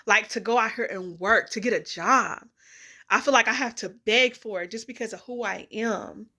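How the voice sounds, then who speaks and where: A woman's voice: a little high, normal speed, sharp tone. Tearful woman, candid rambling vlog. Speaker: vlogger. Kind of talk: emotional personal vlog.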